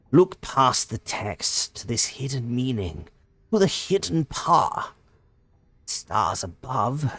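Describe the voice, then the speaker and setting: A man voicing a solemn male keeper of star lore, reciting gravely and slowly. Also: mid-range voice, a bit bright, no echo, exaggerated voice.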